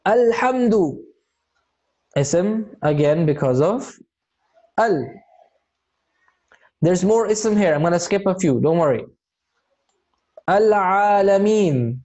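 A man teaching an Arabic grammar lesson in a mellow, warm voice. He explains patiently, one step at a time, and checks in often to encourage his students. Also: sits high, lively intonation, measured pace, long pauses, highs cut off. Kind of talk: online class teaching.

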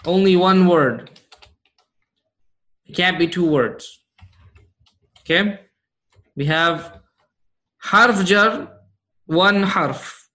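A high-pitched man gives a grammar lesson to his class. He speaks slowly and repeats each point, and he keeps checking that his students follow along. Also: sharp tone. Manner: repeats key points and checks understanding with "right?" and "okay?". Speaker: Arabic grammar teacher.

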